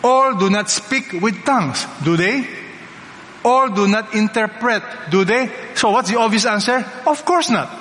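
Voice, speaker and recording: Emphatic pastor preaching in a reverberant hall. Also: male voice, high voice, unhurried, sharp tone, a little hiss or hum. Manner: emphatic, rhetorical questions to the congregation. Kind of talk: sermon. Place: large church hall. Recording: long reverb of a large hall.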